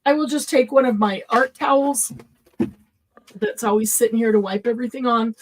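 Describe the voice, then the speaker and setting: A woman's voice: on the high side, moderate pace. A middle-aged woman hosting a live craft supply sale, chatting casually and thinking aloud as she sets prices. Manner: chatty, thinks aloud while pricing items.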